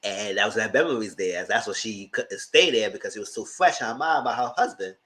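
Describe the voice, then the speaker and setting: A man hosting a channel, recapping TV episodes in casual, gossipy commentary, swearing freely and jumping into squealed exclamations. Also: fairly quick. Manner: animated, gossipy retelling with frequent swearing; breaks into high squealing exclamations. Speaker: TV show reviewer and channel host.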